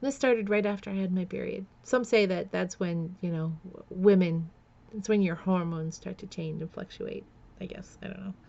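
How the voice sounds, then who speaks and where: Halting, gravelly-voiced woman telling a personal story. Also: on the low side, steady tone, a little mellow, highs cut off. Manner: halting, with many fillers and restarts; emotional, close to tears at times. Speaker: vlogger.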